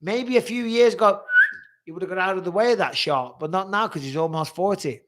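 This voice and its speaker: A man's voice: high-pitched, brisk, fairly bright tone. A middle-aged man hosting a live stream, reading viewer questions and answering bluntly with frequent swearing. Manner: blunt, swears freely, reads questions aloud.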